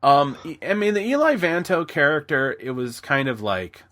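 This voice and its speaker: A man's voice: fairly high pitch, very animated, normal speed, sharp tone. A man co-hosting a podcast, talking casually and rambling with restarts, sometimes slipping into voices. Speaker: podcast co-host. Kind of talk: casual chat.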